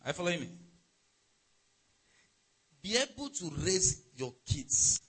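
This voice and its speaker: Husky, bright-voiced pastor preaching. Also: male voice, high-pitched, very animated, a little slow, rough recording. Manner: emphatic preaching with swings between loud and soft, checking in with the congregation. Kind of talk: sermon.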